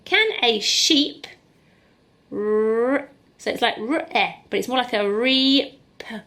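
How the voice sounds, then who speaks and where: Female teacher, higher-pitched, unhurried phonics lesson delivered straight to camera. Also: fairly bright tone. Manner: slow, sounds out letters, encouraging. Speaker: primary school teacher. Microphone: camera in front of her.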